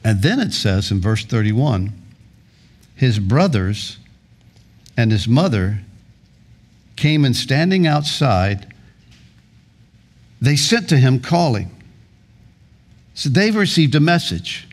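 A man's voice: medium pitch, big pitch swings, slow pace, long pauses. A male pastor preaching a sermon in a church, earnest, often restarting his words. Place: church sanctuary.

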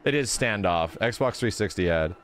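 A man's voice: fairly low pitch, expressive, normal speed, a bit bright. A man hosting a casual gaming reaction video, talking loosely and breaking into exasperated, ranting outbursts.

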